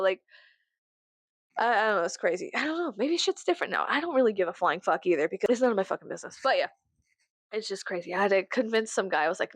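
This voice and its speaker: Animated profane woman telling stories. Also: dry recording. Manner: profane, animated, quick asides; acts out quoted people with big pitch jumps. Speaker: vlogger. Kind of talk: casual storytelling rant.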